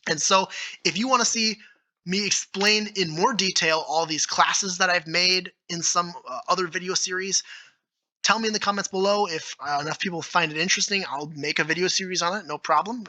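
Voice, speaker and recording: A man talking solo as a video creator, explaining his own tabletop game rules with eager enthusiasm, thinking out loud with fillers and restarts. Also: a little high, poor audio. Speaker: YouTube creator.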